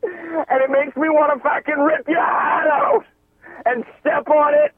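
A man's voice: very high-pitched, fairly even intonation, a little slow, no echo. A man with a Boston accent phoning in to a comedy show, rambling through menacing threats. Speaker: caller. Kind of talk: comedic phone-in rant. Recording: tinny phone line.

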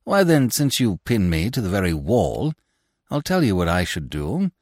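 Man reading an unruffled witty young man, low voice, dry ironic delivery, no room sound. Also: sing-song, normal speed, darkish tone, dry recording. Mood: wry.

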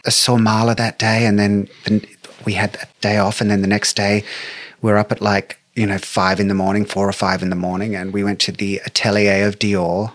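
A middle-aged man from Australia, a make-up artist telling stories in an interview with lively, emotional delivery. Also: lowish voice, brisk, dry recording. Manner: animated, emotional storyteller who acts out quotes. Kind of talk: storytelling interview chat.

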